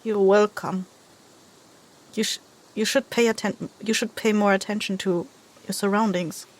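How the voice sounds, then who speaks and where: A woman voicing a cautious young stranger who speaks in quiet, clipped warnings. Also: medium pitch, steady tone, moderate pace, lightly acted. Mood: guarded.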